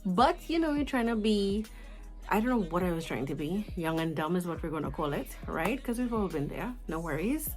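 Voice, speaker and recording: A Trinidadian woman in her twenties telling a storytime vlog in an animated, chatty way, with asides to her viewers. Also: lowish voice, moderate pace, over music, low-quality recording. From Trinidad and Tobago. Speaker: vlogger.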